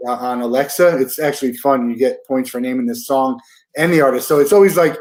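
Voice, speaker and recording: A man's voice: fairly high pitch, fast talker. Easygoing man in his forties hosting. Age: 40s. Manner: easygoing, rambling, with repeated words and fillers. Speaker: podcast host. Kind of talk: casual interview chat.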